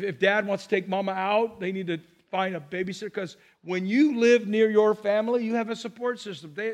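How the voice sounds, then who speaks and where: Brief: high-pitched male pastor, chatty sermon delivery, rhetorical questions to the congregation. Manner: conversational preaching with rhetorical questions. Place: church sanctuary.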